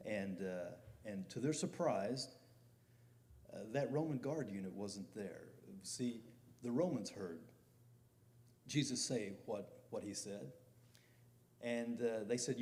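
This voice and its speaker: Middle aged guy preaching, warm low-key voice, chatty then punchy. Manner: conversational preaching with rising emphatic peaks. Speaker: pastor. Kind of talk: sermon.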